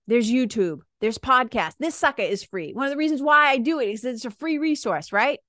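A woman's voice: on the high side, lively intonation, brisk, pushed and bright, no echo. Woman, podcast coach, casual monologue, blunt and jokey, laughs a lot, dry close sound. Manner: blunt, joking, laughs often, acts out clients. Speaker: spiritual mentor and coach, podcast host.

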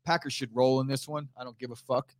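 A man's voice: mid-range voice, level tone, fast talker, dry recording. Laid-back man with a dry voice. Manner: laid-back, profane, opinionated. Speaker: podcast co-host. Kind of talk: casual sports talk.

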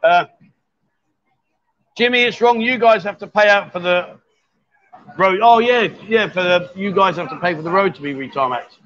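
Man, livestream host, high-pitched, teasing banter, muffled lo-fi sound, bar setting. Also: normal speed, pauses often, fairly bright tone. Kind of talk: casual livestream chat. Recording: dull lo-fi livestream audio.

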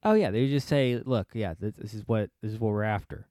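On a dry recording, a man with a lowish, mellow voice talks briskly as he hosts a casual podcast. Rambling and sarcastic, he laughs frequently and puts on mocking voices when quoting people.

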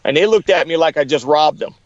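A man's voice: on the high side, quick pace, no echo, lo-fi sound. A middle-aged man in an interview, telling stories with energy and acting out the people he quotes. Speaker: guest. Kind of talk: storytelling in an interview.

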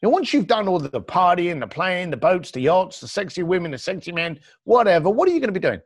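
In this studio-quality podcast interview with no room sound, a male guest speaks quickly in a high voice. He's blunt and animated, telling stories by acting out other people's lines.

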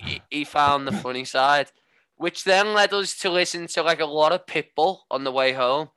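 A man's voice: on the high side, moderate pace, clear, resonant tone, dry recording. A man co-hosting a podcast, telling jokey stories in casual chat. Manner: animated, jokey, slips into voices. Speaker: podcast co-host. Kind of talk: casual comedic storytelling.

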